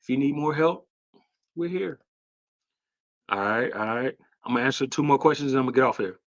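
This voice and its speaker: A man hosting a casual livestream Q&A, talking loosely and with hype, with lots of fillers and shout-outs to viewers. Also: mid-range voice, fairly quick, lo-fi sound. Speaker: host.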